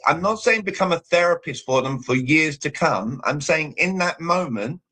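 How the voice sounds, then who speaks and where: A man's voice: fairly high pitch, animated, normal speed, pushed and bright. A British man giving an emphatic coaching talk on a live show over a video call, punctuating points with "all right". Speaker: communication coach, guest.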